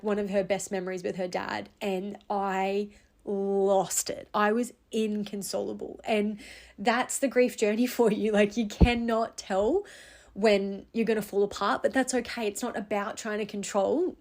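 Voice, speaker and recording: A woman's voice: mid-range voice, a little mellow. A young woman hosting a podcast, talking earnestly and candidly in a reflective personal monologue, with casual fillers and the odd swear. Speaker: podcast host.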